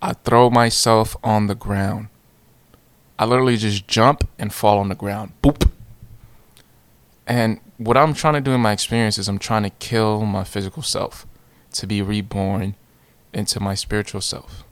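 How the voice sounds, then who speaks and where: Young guy storytelling, low voice, slangy and animated, repeats himself. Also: normal speed, clear, resonant tone, dry recording. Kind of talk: casual personal storytelling.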